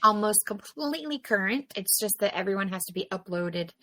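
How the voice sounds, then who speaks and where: A chatty woman co-hosts a podcast, telling stories with lively energy and plenty of fillers. Her voice has a bright, forward edge. The sound is close and dry, with no room behind it. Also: medium pitch, a little fast, no room sound. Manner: chatty, animated storytelling with many fillers. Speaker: podcast co-host. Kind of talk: casual chat.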